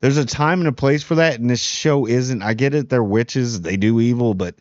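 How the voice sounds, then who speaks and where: A TV review host from New Jersey delivers a casual, blunt spoiler review at a moderate pace. His mid-range voice jumps lively in pitch when he gets worked up, and he's animated, restarting his sentences often. The recording is dry and a little dull, with no echo or room sound.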